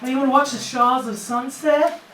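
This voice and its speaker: High-voiced woman roasting folks at a club, mic far off, loud noisy room. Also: fairly even intonation, measured pace, echoey room. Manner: brash, mocking, punchy delivery. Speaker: stand-up comedian. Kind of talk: stand-up comedy set. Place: comedy club stage. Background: audience laughter.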